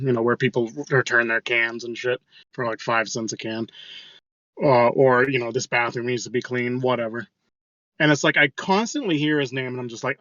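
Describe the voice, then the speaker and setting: A man's voice: mid-range voice, a bit bright, dry recording, dull audio. A man co-hosting a podcast, telling a crude work story in casual chat, swearing freely. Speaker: podcast co-host.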